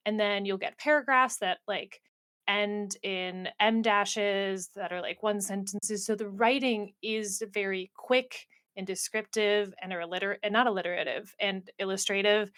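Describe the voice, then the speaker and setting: Animated podcast co-host, young woman, smooth clear voice, dry close recording. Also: mid-range voice, normal speed, no echo. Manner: animated and emphatic, gushing about the book. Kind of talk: casual book discussion.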